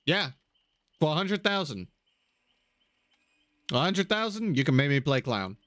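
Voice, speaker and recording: While live-streaming a game, a man casually chats with viewers, answering their messages and often repeating himself. His voice is on the high side, very animated and fairly bright, at a measured pace.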